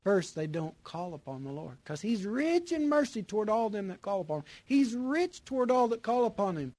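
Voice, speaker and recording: A man preaching a sermon, repeating his phrases with emphasis and moving between loud bursts and hushed lines. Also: high voice, very animated, normal speed, no room sound.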